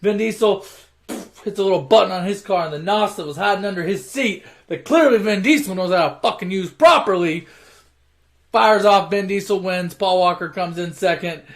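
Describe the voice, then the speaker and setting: A man with a somewhat high-pitched voice tells a movie plot as an offhand comic story. He swears freely and keeps stopping to correct himself, in a relaxed, unscripted way. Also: normal speed. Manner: profane, offhand, self-correcting. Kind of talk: casual comic movie retelling.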